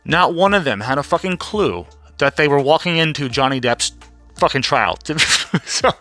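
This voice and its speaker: Casual vlogger, man, rambling profane recap, bright tone, faint music under. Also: fairly high pitch, animated, normal speed. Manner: profane, rambling, laughs often, mimics people.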